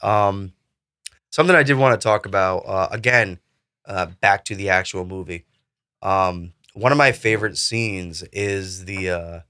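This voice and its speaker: A man in casual movie talk, animated and acting out scenes in put-on voices. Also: deep voice.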